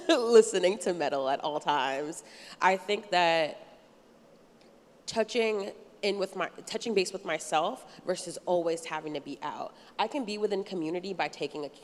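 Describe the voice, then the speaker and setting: A woman speaking on a panel in a candid, reflective way. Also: on the low side. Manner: candid, reflective, laughs easily. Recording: hall reverb.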